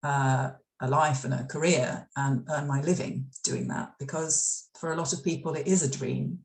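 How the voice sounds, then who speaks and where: With a deep, darkish voice and fairly even intonation at normal speed, a middle-aged UK woman tells stories during a library interview. She's an author who formerly wrote radio drama scripts. Her chatty delivery has many fillers and restarts, and the room is echoey.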